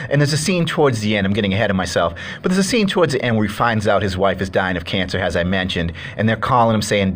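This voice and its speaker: A man's voice: fairly low pitch, lively intonation, quick pace, hardly any pauses. A man giving a casual, chatty movie review, retelling the story in a rambling way.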